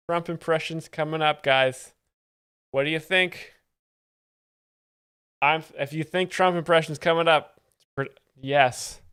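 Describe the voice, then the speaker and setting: A man hosting a live stream, commenting on comedy clips in a deadpan, sarcastic manner. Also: on the high side, smooth. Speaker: stream host explaining jokes.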